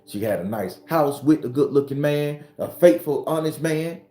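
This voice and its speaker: A man's voice: on the high side, expressive, moderate pace. Blunt, profane preacher-like man. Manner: blunt, profane, preachy, rising to shouts when retelling arguments. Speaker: spiritual advisor and channel host. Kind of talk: impassioned motivational monologue. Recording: roomy recording with faint background music.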